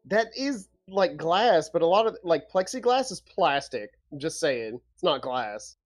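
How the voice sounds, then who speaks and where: Skeptical, argumentative man, higher-pitched. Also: sing-song, a little slow, faint music behind. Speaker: player. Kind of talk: casual tabletop game chat.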